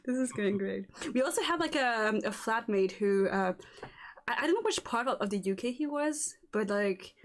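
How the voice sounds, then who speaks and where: A woman with a French accent hosts a relaxed conversation in English, her second language. Her voice sits a little high, and she keeps stopping and restarting with fillers as she searches for words. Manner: halting, many fillers and restarts. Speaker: host. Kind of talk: casual chat.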